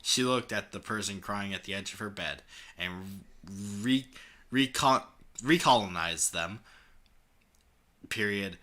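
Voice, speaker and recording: Young man, sarcastic, mocking read-aloud, low voice, very bright and forceful tone. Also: takes it slowly, pauses often. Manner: sarcastic, laughs often, swears, breaks off to comment. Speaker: host reading fan fiction aloud. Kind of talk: mocking dramatic reading with banter.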